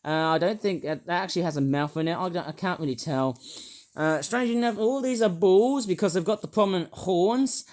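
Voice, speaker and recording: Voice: medium pitch, brisk, darkish tone. A vlogger reviewing toys in a rambling, jokey, self-mocking way. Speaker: toy reviewer. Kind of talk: casual vlog.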